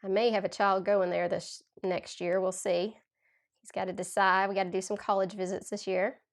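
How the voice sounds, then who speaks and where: A woman's voice: medium pitch, little pitch movement, normal speed. Southern Tennessee woman, forties, with a cold, hosting a crafting livestream, gushy and chatty, reads out comments. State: has a cold. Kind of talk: casual livestream chat while demonstrating card making.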